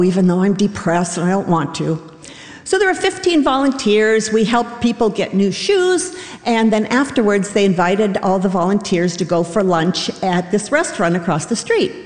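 A middle-aged woman tells a wry, self-mocking story live from a stage. Her voice rings out in a roomy hall with a long reverb tail. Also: mid-range voice. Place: theater stage before a live audience.

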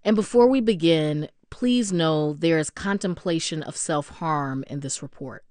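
A woman hosting a news program, introducing reports in a clear, composed way. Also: sits low, a little slow, a little mellow, dry recording, studio quality. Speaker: news host.

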